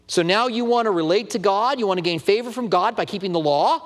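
A man's voice: high voice, quick pace, long reverb tail. A man preaching a sermon as pastor, telling stories animatedly and acting out the dialogue. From Tucson, Arizona. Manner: animated storytelling, acts out dialogue.

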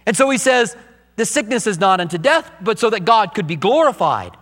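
Middle-aged male pastor, slightly high voice, earnest personal sermon, reverberant church hall. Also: very animated, a little fast, fairly bright tone.

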